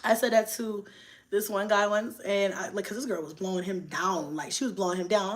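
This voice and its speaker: A woman's voice: mid-range voice, fairly even intonation, fairly quick. A young woman, chatting bluntly and profanely on a live stream and laughing often. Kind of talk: casual live-stream chat.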